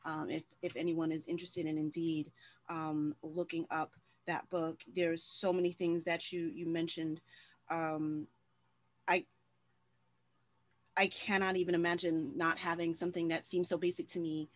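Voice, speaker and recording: Woman moderator, lower voice, chatty and conversational, lots of fillers. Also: level tone, moderate pace. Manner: warm-hearted, chatty, many fillers and restarts. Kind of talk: casual conversational hosting.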